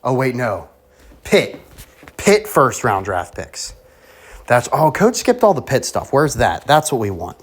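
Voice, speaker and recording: A man hosting a sports predictions show, rambling through conspiratorial theories in a profane, sarcastic, excitable way. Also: medium pitch, a little slow, breathy edge. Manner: profane, sarcastic, excitable, talks about himself as Coach.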